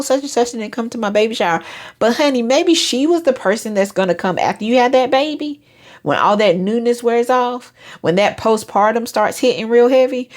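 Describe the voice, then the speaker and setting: A woman, hosting a casual motivational talk and acting out quoted friends in higher voices. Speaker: host.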